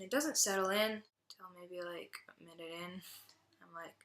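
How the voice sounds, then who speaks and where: Young woman, personal testimony, chatty, lots of "like", lowish voice, echoey room. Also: steady tone, moderate pace, a bit bright, slight background noise. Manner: chatty, heavy use of "like" fillers. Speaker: student giving a testimony. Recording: roomy echo.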